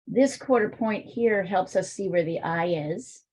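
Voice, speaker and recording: A woman's voice: mid-range voice, measured pace, a little mellow, slightly rough. A woman art teacher with a weak, strained voice, chatting and thinking aloud while she demonstrates drawing in a live online class, with plenty of fillers.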